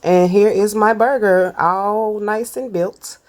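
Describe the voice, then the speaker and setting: A woman's voice: mid-range voice, steady tone, slow, darkish tone. Lady doing a cooking vlog, chatty, keeps saying y'all. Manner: chatty, addresses viewers as y'all. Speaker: cooking vlogger.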